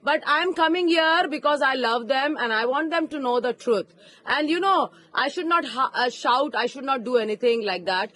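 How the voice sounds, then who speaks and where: Brief: female street preacher, high voice, impassioned, outdoor park, handheld mic. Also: moderate pace. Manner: fervent, rising to emphatic shouts.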